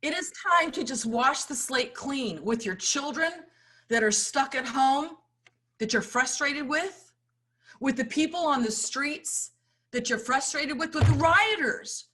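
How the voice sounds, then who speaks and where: A middle-aged woman giving an impassioned motivational talk, swinging between loud urging and hushed storytelling. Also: sits high, a little slow. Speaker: summit speaker.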